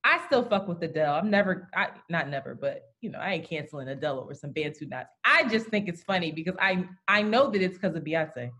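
A woman co-hosting a podcast in casual chat, blunt and animated, swearing freely and going off on asides. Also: fairly low pitch, quick pace, few pauses, slightly rough. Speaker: podcast co-host.

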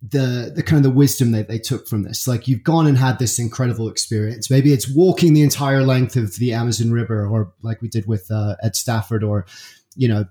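Friendly British man, mellow voice. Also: medium pitch, steady tone, a little fast. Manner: friendly, laughing easily. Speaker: podcast guest. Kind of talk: casual interview chat.

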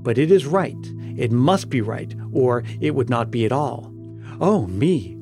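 A man voicing the soft, resigned ghost of an aged village priest in a gothic story. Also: mid-range voice, animated, a little slow. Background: music.

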